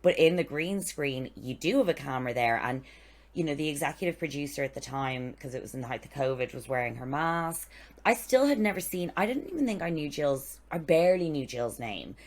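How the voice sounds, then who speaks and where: A young adult woman co-hosting a podcast, telling lively stories, swearing freely and acting out what people said. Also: sits low, brisk. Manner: animated storytelling, swearing, acting out quotes. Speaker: podcast co-host. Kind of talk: casual chat.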